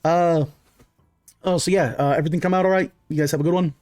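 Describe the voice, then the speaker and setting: A man's voice: on the high side, fairly even intonation, quick pace, darkish tone, no room sound, faint music behind, lightly acted. A man voicing a chatty, easygoing male halfling waiter who talks in a folksy, rambling way with lots of fillers.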